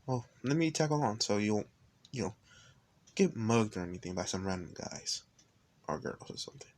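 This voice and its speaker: A man voicing a laid-back young man in a fan-made story who offers to protect a stranger, speaking quietly and casually. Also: fairly low pitch, lively intonation, normal speed. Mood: calm, friendly.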